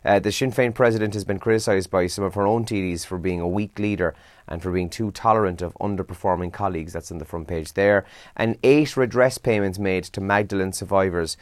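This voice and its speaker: A man's voice: deep voice, a little fast, no room sound. A young Irish man hosting a breakfast radio show, reading the morning papers and chatting casually, tired and yawning. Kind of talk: casual newspaper and trends roundup.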